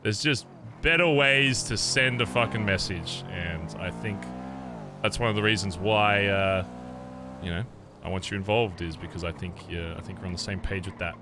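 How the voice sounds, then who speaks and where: A man's voice: deep voice, normal speed, background noise. A man in character as a biker club leader in a game role-play, swearing constantly and rambling with many fillers.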